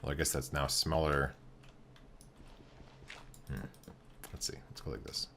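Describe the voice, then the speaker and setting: Deep-voiced man narrating his game build. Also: gravelly, slight background noise. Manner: thinking aloud, relaxed, halting with fillers and restarts. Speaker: game streamer. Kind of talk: casual commentary while building in a game.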